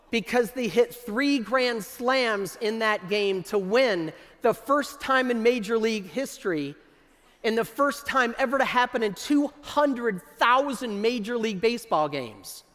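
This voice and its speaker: Keynote speaker, middle-aged man, lively storyteller with a high voice, long hall reverb. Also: measured pace. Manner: energetic, enthusiastic storytelling. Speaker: conference speaker. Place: stage in a large hall.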